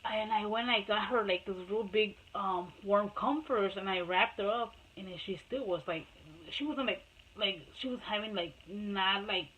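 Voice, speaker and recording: A woman's voice: medium pitch, fairly bright tone, a little hiss or hum, low-quality recording. Casual storyteller, a woman who rambles and restarts a lot, mixes in spanish. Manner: switches between Spanish and English. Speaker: mother telling her life story.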